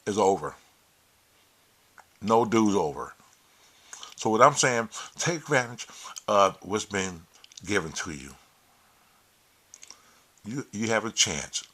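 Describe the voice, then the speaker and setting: Forceful, profane man preaching to camera. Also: lowish voice, big pitch swings, slow, pauses often. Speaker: vlogger. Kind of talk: casual monologue to camera.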